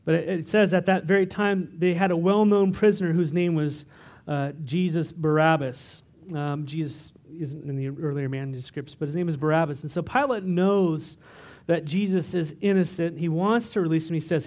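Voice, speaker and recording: A man's voice: fairly high pitch, steady tone, moderate pace, a little mellow. A man preaching through a Bible passage in a conversational way, explaining the text with asides and filler words. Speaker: pastor. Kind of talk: expository sermon.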